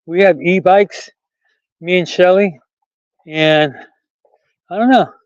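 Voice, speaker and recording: A man's voice: sits high, steady tone, slow pace, no room sound, lo-fi sound. Chatty man rambling on an outdoor trail. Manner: rambling, chatty, laughs at his own jokes. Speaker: vlogger. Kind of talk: casual walking vlog.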